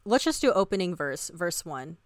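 A woman hosting a lyrics quiz in casual chat, teasing and quick to laugh. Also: on the low side, big pitch swings, no room sound, studio quality. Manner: giggly, teasing.

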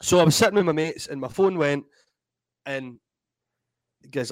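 A Scottish man in his thirties, a DJ and comedian telling animated, sweary stories in a casual interview. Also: a little high, fast talker, dry recording, poor audio. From Scotland. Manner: animated, swears freely, acts out voices in anecdotes. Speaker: guest DJ and comedian.

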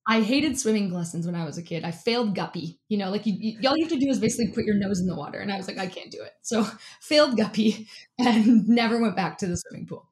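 A woman guest in an interview, telling a lively story in a casual way, with lots of "like" and frequent laughter. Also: medium pitch, quick pace. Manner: animated, fills speech with "like", laughs often. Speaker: interview guest, athlete and keynote speaker.

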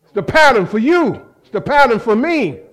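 At a moderate pace, a man with a very high, fairly bright voice preaches with big swings in pitch. He's fervent and conversational, using repetition and calling out to the congregation for responses.

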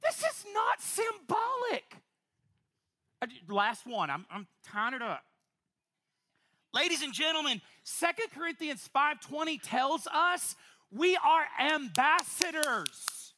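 High, bright, animated woman preaching. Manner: animated, playful preaching with quick asides and laughter. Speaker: pastor. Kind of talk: sermon. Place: church before a congregation.

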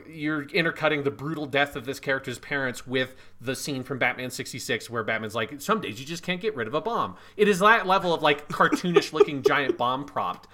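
Bright, slightly high man ranting about a film. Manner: emphatic, profane, laughs at the film. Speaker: podcast co-host. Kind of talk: casual film review chat.

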